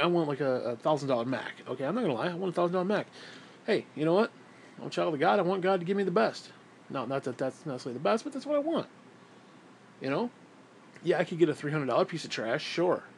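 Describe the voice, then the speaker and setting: A man's voice: fairly high pitch, a little hiss or hum. A man in a vlog delivering an angry, profane religious rant full of sarcasm. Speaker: vlogger.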